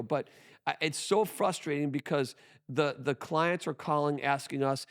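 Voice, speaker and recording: A man's voice: a little high, a little slow. A man talking as a podcast guest about his business, emphatic and full of restarts. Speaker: guest, tax firm owner. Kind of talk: conversational podcast interview.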